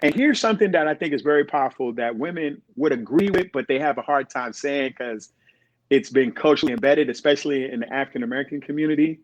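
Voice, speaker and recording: Speaking quickly in a mid-range voice, this middle-aged podcast guest spins casual stories, animatedly performing the voices of the characters involved. There's no room sound; the recording is dull and dry.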